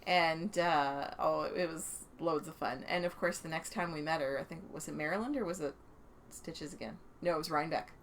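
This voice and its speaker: Low-pitched and moderately paced, this Canadian woman's voice carries a little hiss or hum behind it. As a podcast co-host in casual chat, she spins stories, laughs often, and acts out what people said.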